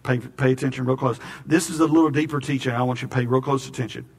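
A man's voice: mid-range voice, fairly even intonation, fast. A man preaching a sermon in a folksy, storytelling way, often repeating words. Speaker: pastor.

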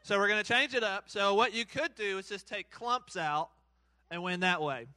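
A man's voice: high voice, normal speed, sharp tone, dry recording. A man hosting a live church game for kids and a crowd, playful and hyped, cheering countdowns and teasing the players. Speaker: children's church game host. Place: church hall.

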